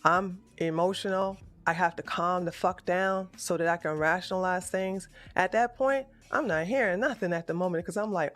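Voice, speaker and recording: Soft music plays in the background as the political livestream host, his voice sitting high and a bit bright at normal speed, argues his point on the show. He stammers with emotion and keeps correcting what he's just said.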